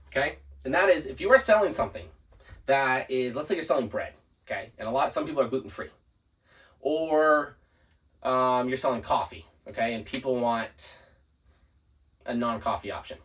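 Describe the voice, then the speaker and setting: A man hosting a business podcast, giving casual tips and acting out quick customer exchanges while writing points on a board. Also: medium pitch, fairly bright tone, far from the mic. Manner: writes on a board while talking. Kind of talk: casual instructional talk.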